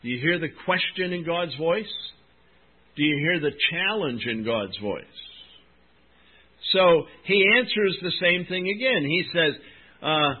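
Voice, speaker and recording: A man's voice: a little high, sing-song, unhurried, slightly rough, narrow, tinny audio. A man preaching a sermon in an earnest, emphatic way, asking his congregation questions as he goes. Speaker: pastor.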